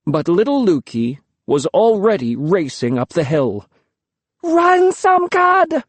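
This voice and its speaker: A man reads a novel aloud in the first person. He takes his time, with a lively, rising and falling pitch that brings the scenes to life. The recording is dry and close. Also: slightly rough, no echo. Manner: expressive, unhurried first-person storytelling. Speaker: audiobook narrator. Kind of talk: scripted audiobook narration.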